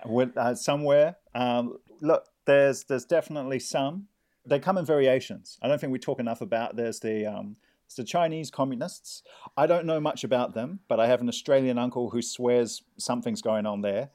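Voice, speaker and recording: A man riffs as a comedy guest, halting and rambling as he jokes. His pitch sits in a middle range. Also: mellow. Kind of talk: improvised comedy.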